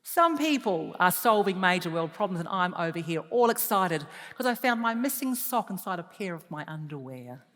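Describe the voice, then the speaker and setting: A woman giving a lively counselling talk to an audience, moving from loud emphasis to soft, hushed advice. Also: fairly low pitch, moderate pace, few pauses. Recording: long hall reverb.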